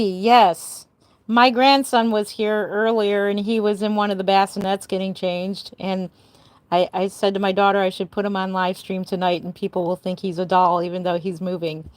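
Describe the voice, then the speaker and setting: With a medium-pitched voice and no room sound, an older doll artist hosts a casual live stream chat. She's bubbly and giggly, greeting viewers by name.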